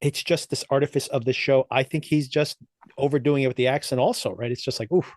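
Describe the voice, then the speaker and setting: A man's voice: medium pitch, steady tone, fairly quick, no echo, clean studio sound. A man co-hosting a podcast, chatting casually as he recaps and reviews TV episodes, laughing often between thoughts. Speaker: podcast co-host.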